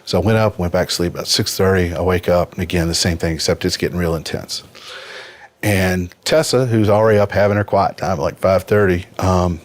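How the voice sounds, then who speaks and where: A man's voice: low-pitched, fairly even intonation, fairly quick. A man in his fifties telling a personal story as a podcast guest, earnest and vivid. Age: 50s. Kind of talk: personal story in a casual interview.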